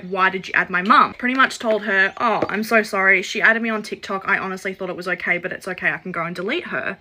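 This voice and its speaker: A chatty woman recounting a personal story in a casual storytime. Her voice is bright and forceful. She acts out the lines of the people in the story and leans on "like" as a filler. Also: mid-range voice. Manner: chatty, acts out quoted dialogue; frequent "like" fillers.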